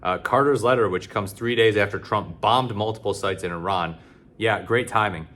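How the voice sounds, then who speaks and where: A man's voice: fairly low pitch, moderate pace, fairly bright tone. A man giving casual, sarcastic political commentary, blunt and loose with many fillers.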